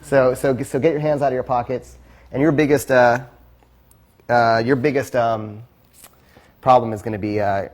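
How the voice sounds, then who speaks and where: A man giving blunt, quick coaching feedback to a class, swearing freely. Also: medium pitch, fairly even intonation, darkish tone. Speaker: pickup coach.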